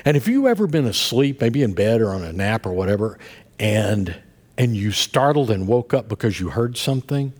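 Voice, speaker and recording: A middle-aged male pastor preaching and telling a story to his congregation, swinging between soft murmurs and loud outbursts. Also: lowish voice, very animated, normal speed. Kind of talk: sermon. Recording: long hall reverb.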